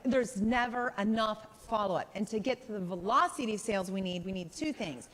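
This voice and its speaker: A woman in her forties teaching a live sales workshop, chatty and full of questions for the room, often acting out quoted voices. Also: on the high side. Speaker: sales trainer. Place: conference room with a live audience. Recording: reverberant training room.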